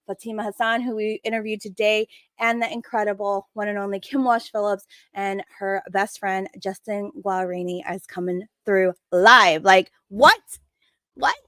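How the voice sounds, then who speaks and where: A woman co-hosting a live stream bubbles over with excitement as she talks. Her voice is mid-pitched and plain. The sound is dry and close, with no room echo. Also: moderate pace. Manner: enthusiastic, gushing. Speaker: co-host. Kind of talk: casual live-stream chat.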